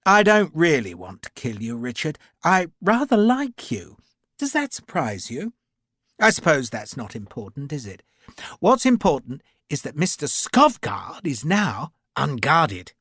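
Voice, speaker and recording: A suave, genteel renegade officer, as a male narrator puts him on, lifted well above the reader's own pitch and full of sly amusement. His speech lilts up and down with lively, mocking ease. The reading is dry and close, with no room around it. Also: unhurried, slightly rough, no room sound, heavily acted. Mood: urbane, mocking. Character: smooth, cheerful aristocratic renegade officer, man.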